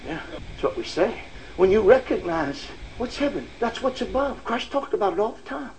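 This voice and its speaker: A man preaching a sermon with impassioned emphasis, often pushing his voice to a shout and dropping "uh" between phrases. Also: sits high, very animated, normal speed, a little hiss or hum, low-quality recording. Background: faint congregation responses.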